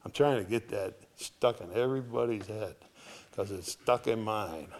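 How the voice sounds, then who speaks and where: A man preaching a sermon in a relaxed, conversational way, lifting his voice on quoted hymn verses and dropping to soft asides. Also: on the low side, normal speed.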